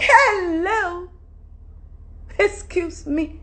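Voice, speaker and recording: A Nigerian woman in her forties holds forth on her own in a high voice. She talks with animated, emphatic energy. Her pitch swings widely as she jumps from one point to the next. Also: measured pace. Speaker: actress giving advice. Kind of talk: casual monologue to camera.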